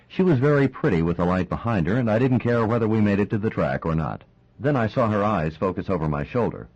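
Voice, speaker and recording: A man with a very low voice narrates a crime novel in a measured, steady way. The recording sounds dull and a bit lo-fi. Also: breathy edge. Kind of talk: audiobook narration.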